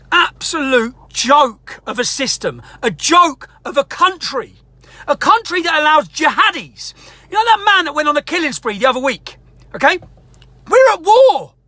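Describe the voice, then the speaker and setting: Indignant woman, heated swearing monologue, animated delivery, dry close sound. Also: high voice, no room sound. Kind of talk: angry ranting monologue.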